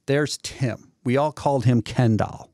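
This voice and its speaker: A man's voice: medium pitch, a little slow, no echo, studio quality. A man telling a story in casual chat, acting out the voices of the people in it. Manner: animated storyteller, acts out voices. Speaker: guest storyteller.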